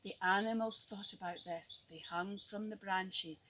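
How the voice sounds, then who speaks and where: A woman teacher reading a picture book aloud to young children, animated and coaxing them to join in. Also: medium pitch, measured pace, a little hiss or hum. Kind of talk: storybook read-aloud for children. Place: outdoors at a tree house.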